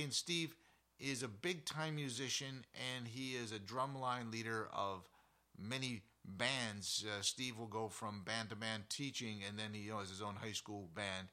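A man who hosts an outdoor show, telling a story in a casual, animated, rambling way full of side remarks. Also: lowish voice.

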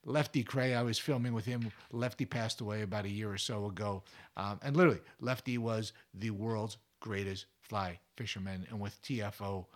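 A man's voice: fairly low pitch, fairly even intonation, moderate pace. A man hosting a fishing show, giving casual advice in a chatty, folksy way with anecdotes. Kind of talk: casual instructional talk.

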